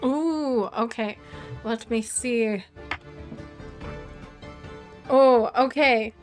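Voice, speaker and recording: Woman game master, fairly high voice, playful rambling narration, faint music behind. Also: extremely slow. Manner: playful, rambling, lots of fillers.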